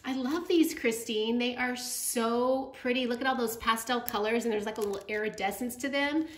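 Casting: effusive woman, bright higher voice, echoey room with faint hiss. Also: normal speed. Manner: gushing, effusive. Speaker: craft vlogger. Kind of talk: casual unboxing chat.

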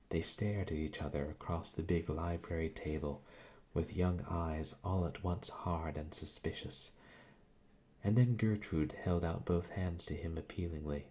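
A man reading a classic mystery novel aloud, narrating in a measured, even way. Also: low-pitched. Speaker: audiobook reader.

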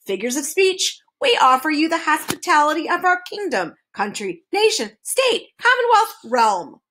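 A woman's voice: high-pitched, sing-song, normal speed, a bit bright, a little hiss or hum, voice pushed up. A woman playing pompous royal advisors. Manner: grandiose, fussy, word-listing.

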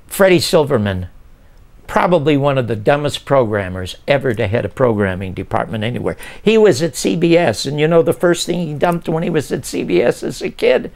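An older man with a gravelly, rough-edged voice settles into a relaxed interview and tells long stories from his career. He is lively and animated, and slips into the voices of the people in his tale. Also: mid-range voice. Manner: animated, acts out past conversations. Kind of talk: casual storytelling interview.

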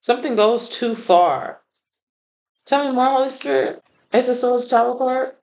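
A woman's voice: on the high side, measured pace, gravelly, darkish tone, slight background noise, poor audio. A woman doing a casual tarot reading, blunt and profane, laughing often. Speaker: tarot reader.

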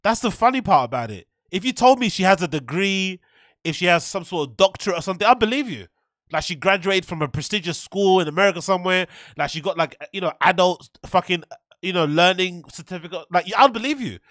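A man's voice: high voice, expressive, a little fast, fairly bright tone, dry recording, studio quality. A man hosting a casual reaction video, profane and loose, riffing on a clip. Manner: profane, laughs often, riffs loosely.

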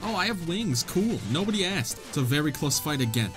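A young man giving casual, excitable gameplay commentary, swearing and trash-talking the enemies. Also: on the high side, fairly quick, soft background music. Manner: excitable, profane, jokey trash talk. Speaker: gaming video host.

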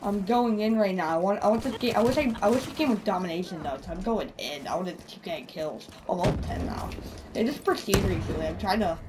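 A woman's voice: medium pitch, quick pace. Swearing, self-mocking woman gamer, distant mic. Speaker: video game player. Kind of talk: casual gameplay commentary. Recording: distant mic with steady background noise.

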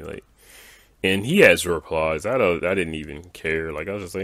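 A man with a very deep voice rants as he reads through viewer comments, exasperated and dismissive, with many "like" and "uh" fillers. The recording is dry and close to the mic. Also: expressive, normal speed, a bit bright, no room sound. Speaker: gaming video creator.

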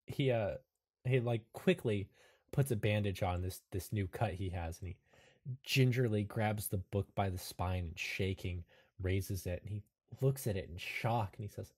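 Laid-back husky male game master. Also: fairly low pitch, normal speed, darkish tone. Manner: laid-back narration with frequent fillers. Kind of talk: narrating a tabletop game.

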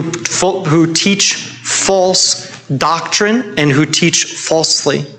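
Guy preaching in church, kinda high voice, earnest, hammers his points home. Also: a bit bright, a little hiss or hum, rough recording. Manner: earnest, emphatic, repeats key points. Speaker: pastor. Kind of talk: sermon. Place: church sanctuary.

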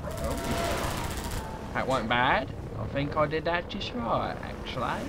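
A man's voice: fairly high pitch, big pitch swings, slow, vocal fry, very noisy. A man giving profane, sarcastic let's play commentary as a gaming YouTuber.

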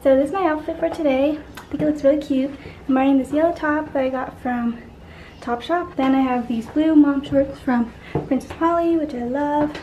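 A woman's voice: sits high, steady tone, normal speed, noisy background. A young woman chatting casually in a vlog, upbeat and full of fillers. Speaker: vlogger.

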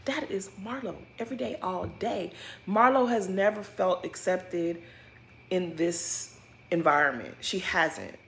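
A woman's voice: fairly low pitch, a little slow, gravelly, a bit bright. A woman giving blunt, opinionated commentary in a casual reality-TV recap vlog, swearing freely and speaking straight to the people she's discussing. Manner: emphatic and repetitive, addresses cast directly.

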